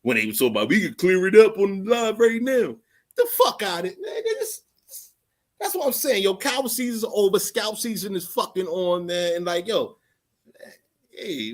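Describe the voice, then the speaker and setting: Animated man on a profane livestream rant. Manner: profane, rambling, repeats phrases; swings from low muttering to loud outbursts. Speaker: livestream host.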